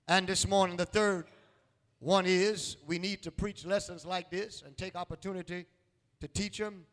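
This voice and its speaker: A man with a very high, bright, ringing voice preaches a sermon in a style. He repeats his lines, throws questions at the congregation and swells into shouts. The sound carries a long echo from the hall. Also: steady tone, moderate pace. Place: church sanctuary.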